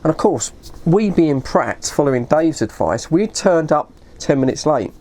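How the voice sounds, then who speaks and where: A woman's voice: low voice, lively intonation, normal speed, mellow. A woman telling a long story in a casual, rambling way, often correcting herself and saying "you know". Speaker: vlogger.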